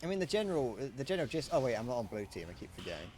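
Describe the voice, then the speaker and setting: A man's voice: medium pitch, sing-song, very fast, darkish tone, slight background noise. A British man chatting casually on a gaming livestream, swearing freely and laughing often. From Britain. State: sweaty while gaming. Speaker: streamer.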